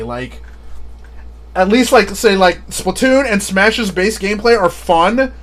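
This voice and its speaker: A man's voice: high-pitched, a bit bright. A man chatting casually on a live stream, rambling and often laughing at his own jokes.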